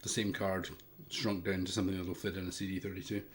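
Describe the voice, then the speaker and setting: This livestream host, a hobbyist hardware maker from the Isle of Lewis, Scotland, speaks fast in a low, level Scottish-accented voice. He answers viewers' questions casually, rambling and hesitating with many fillers.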